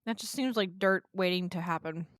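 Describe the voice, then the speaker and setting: A woman's voice: on the low side, a little fast, no room sound, studio quality. A woman from Florida co-hosting a podcast, chiming in with blunt, wisecracking, sweary reactions. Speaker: podcast co-host. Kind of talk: casual chat.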